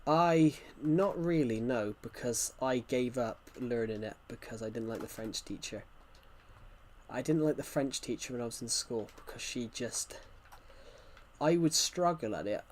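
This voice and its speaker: A man's voice: mid-range voice, a little slow, a little hiss or hum. A young British man casually chatting with viewers while he plays, answering their questions as they come. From United Kingdom. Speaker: gaming streamer. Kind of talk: casual livestream chat while playing.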